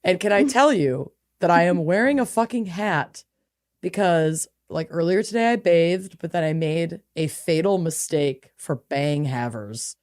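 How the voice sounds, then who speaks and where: A woman's voice: on the low side, animated, a little slow, a little mellow. A woman co-hosting a podcast in casual chat, laughing often and rambling with plenty of swearing. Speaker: podcast co-host.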